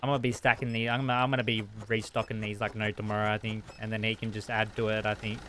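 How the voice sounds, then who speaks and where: A young man streaming a shop game, talking fast and frazzled to his customers and himself. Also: on the low side, level tone, fairly bright tone, slight background noise. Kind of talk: live-streamed gameplay commentary.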